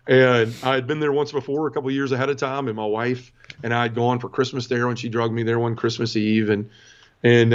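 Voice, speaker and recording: Middle-aged Southern man, guest testimony, earnest and emotional, mid-pitched, slightly dull sound. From Southern United States. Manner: earnest, emotional storytelling with many restarts. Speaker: interview guest. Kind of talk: personal testimony storytelling.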